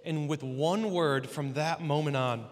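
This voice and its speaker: Upbeat pastor in an echoing hall. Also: male voice, fairly high pitch, unhurried. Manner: conversational and animated, with joking asides. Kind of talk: sermon.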